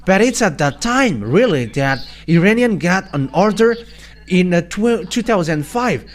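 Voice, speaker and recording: A man with a Malagasy accent preaching a sermon in halting English, full of fillers and restarts. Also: high-pitched, very animated.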